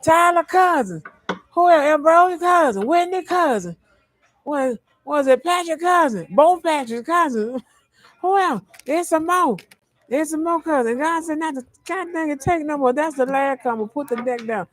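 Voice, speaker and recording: A man's voice: very high voice, animated, normal speed, fairly bright tone, dry recording. A man delivering a rambling, stream-of-consciousness spiritual monologue to his followers, often repeating himself. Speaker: vlogger.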